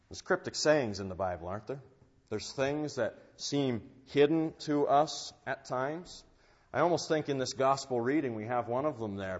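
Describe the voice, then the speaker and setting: A man preaching a sermon in an earnest, unhurried way, rising in force on key phrases. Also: mid-range voice, breathy edge. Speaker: pastor. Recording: dull sound with long church reverb.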